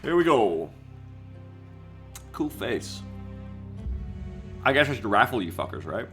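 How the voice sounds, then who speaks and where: A man streaming a game in loose, chatty commentary, with the odd swear thrown in as he reads out chat. His voice sits at a middle pitch, and faint music plays underneath. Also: sing-song, takes it slowly, fairly bright tone. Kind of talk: casual livestream commentary.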